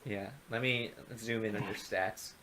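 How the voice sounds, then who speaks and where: A man's voice: on the low side, a little slow, crowd noise. Laid-back male game master. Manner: relaxed, hesitant with fillers. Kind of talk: narrating a tabletop game.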